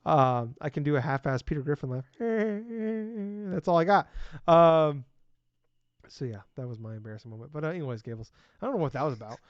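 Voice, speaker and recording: A man's voice: mid-range voice, fast talker. A man co-hosting a podcast in casual chat, self-deprecating and swearing freely as he tells stories. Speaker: podcast co-host. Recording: dry, dull lo-fi podcast audio.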